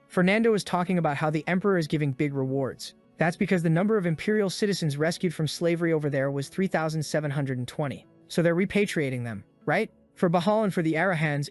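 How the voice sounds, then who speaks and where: A man tells a comic story in a rapid, scripted recap style. His voice sits a bit higher than most men's. Quiet background music runs under his narration.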